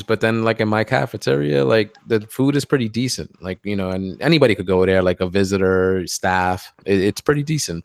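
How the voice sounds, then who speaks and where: A low-voiced man in casual chat. He talks in a relaxed way and hedges often with filler words. The sound is dry and close. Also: no echo. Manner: relaxed, hedging with many likes.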